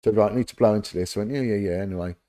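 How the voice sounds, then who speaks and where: Middle-aged man, fairly low voice, animated storytelling, acts out quotes. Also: racing. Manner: animated anecdote-telling, acts out quoted dialogue. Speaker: interview guest, former police officer. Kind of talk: casual storytelling.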